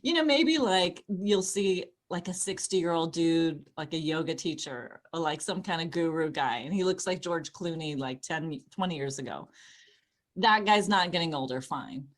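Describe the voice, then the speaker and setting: A middle-aged woman from Los Angeles working through a stand-up set. Her pitch swings widely as she talks, and she keeps leaping into squealy impressions of the people she quotes. Her delivery is chatty and lively. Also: moderate pace. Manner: animated, jumps into high squealing voices for quoted people. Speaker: stand-up comedian.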